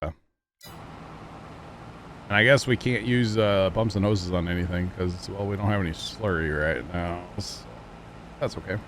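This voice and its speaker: A man livestreaming a farming game, chatting casually with viewers and teammates, thanking them between quick exclamations. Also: low voice, noisy background. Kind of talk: casual gaming livestream chat.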